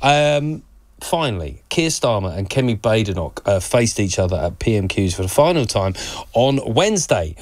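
A man's voice: fairly low pitch, big pitch swings, no room sound. Playful male radio host, dry close sound. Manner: playful, quick to laugh at himself. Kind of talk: chatty current-affairs hosting with a quiz.

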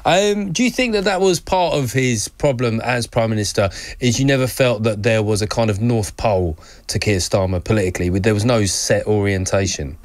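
A man's voice: lowish voice, no room sound. Male radio host, playful, self-mocking, quizzes his guest; dry, close voice. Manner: playful, quick to laugh at himself. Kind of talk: chatty current-affairs hosting with a quiz.

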